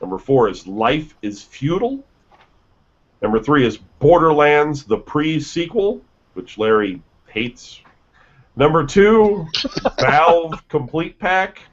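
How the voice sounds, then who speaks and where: A man's voice: fairly high pitch, very animated, slow pace. A man hosting a casual gaming news radio show, reading lists and headlines with offhand asides and stumbles. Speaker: news host. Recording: dull lo-fi sound.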